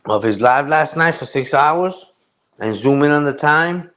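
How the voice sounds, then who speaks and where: A man's voice: a little high, expressive, a little slow, a bit bright. A man ranting casually on his live stream. He repeats himself, uses heavy slang and keeps asking "you heard?".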